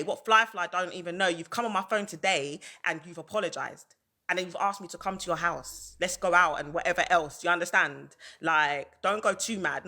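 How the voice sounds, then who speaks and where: A woman's voice: on the low side, sharp tone. A woman ranting on a livestream, heated and repetitive, hammering her points over and over. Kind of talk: livestream rant.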